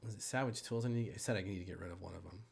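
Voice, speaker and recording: A man running a tabletop game as game master, narrating the scene and chatting at an unhurried pace. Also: sits low, gravelly, breathy edge. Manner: unhurried, mutters while fixing software.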